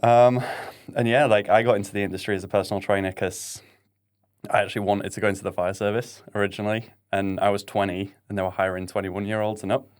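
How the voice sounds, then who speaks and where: A northern English man in his thirties chats as a guest on a podcast. He speaks frankly and in an easygoing way. His voice sits a bit low. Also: flat delivery, fast talker. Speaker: podcast guest, fitness coach. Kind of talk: casual podcast chat.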